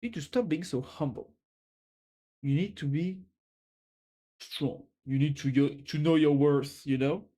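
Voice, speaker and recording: A streamer with a French accent chats casually on a live stream and teasingly gives one viewer a pep talk. The voice is medium-pitched and dark-toned, a little slow, with frequent pauses.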